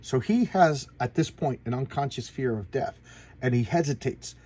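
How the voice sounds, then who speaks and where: A man hosting a casual comic book review, talking excitedly and repeating himself as he gushes. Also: medium pitch, normal speed, breathy edge. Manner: excitable, gushing, repeats words. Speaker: comic book channel host.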